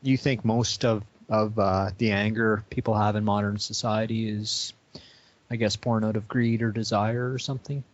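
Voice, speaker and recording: A man with a low, flat voice asks interview questions, pausing and fumbling for phrasing. The recording sounds dull and lo-fi. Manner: hesitant, fumbling questions with many fillers. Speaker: radio show interviewer. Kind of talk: casual interview. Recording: dull lo-fi audio.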